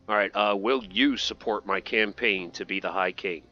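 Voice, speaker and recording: A chatty man narrating his gameplay in a playful, jokey manner, with a forceful, bright-edged voice that sits a little low. The recording is dull and lo-fi, with game music playing faintly behind him. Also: steady tone, normal speed. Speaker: gameplay commentator. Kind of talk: casual gameplay commentary.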